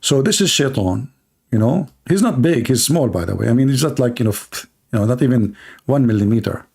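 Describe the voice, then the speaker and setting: A livestream host delivers a mocking, sarcastic satirical monologue to his viewers in broken English. His mid-range voice is expressive and a little fast, creaky, husky and a little mellow.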